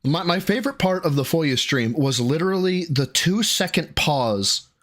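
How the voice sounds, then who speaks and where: A man with a bright, fairly high voice chats casually as host. His delivery swings up and down a lot as he laughs and acts out little scenes. He talks fast and jokes around. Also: animated. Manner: quick, laughing, acts out phone calls. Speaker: podcast host. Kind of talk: casual chat.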